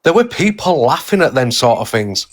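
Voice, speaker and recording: A man's voice: mid-range voice, big pitch swings, moderate pace. A man on a live stream, agreeing and worked up, swearing now and then.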